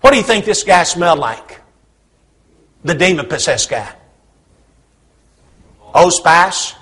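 A man's voice: fairly high pitch, sing-song, slow, bright, forceful tone, husky. A man preaching a sermon, telling a Bible story with humor and acted-out voices.

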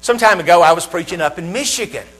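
A Southern American preacher with a high, bright voice delivers his sermon. He asks his listeners question after question and lets each one hang with a pause. A faint mains hum sits under the recording. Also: expressive. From Southern United States. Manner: rhetorical questions with dramatic pauses.

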